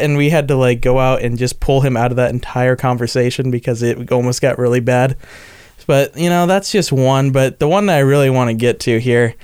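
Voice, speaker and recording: A man's voice: mid-range voice, brisk, smooth. A young man from the Las Vegas area, co-hosting a podcast and telling a funny story in casual chat, acting out his friends' lines. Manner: animated storyteller, acts out quoted friends. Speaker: podcast co-host.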